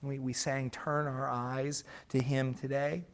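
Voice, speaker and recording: A man's voice: medium pitch, level tone, slow pace. A man preaching a sermon as pastor, earnest and emphatic, sometimes restarting words mid-phrase. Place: church sanctuary.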